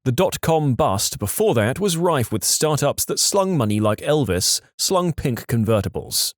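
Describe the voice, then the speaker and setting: A man narrating online stories for a podcast, with a lively, playful delivery and voiced quotes. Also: mid-range voice, no echo, studio quality. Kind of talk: reading online stories aloud.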